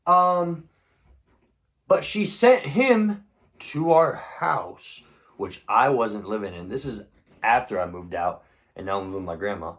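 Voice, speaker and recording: A man's voice: lowish voice, a little slow. Rambling, foul-mouthed young man storyteller. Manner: rambling, profane, full of fillers; gets louder and more animated in later stretch. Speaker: vlogger. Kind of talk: casual storytelling.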